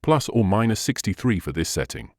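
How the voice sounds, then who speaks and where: A man's voice: fairly low pitch, big pitch swings, brisk, no room sound, clean studio sound. A man hosting a synthesizer tutorial, patiently walking through settings step by step with slightly non-native phrasing. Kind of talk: instructional screen walkthrough.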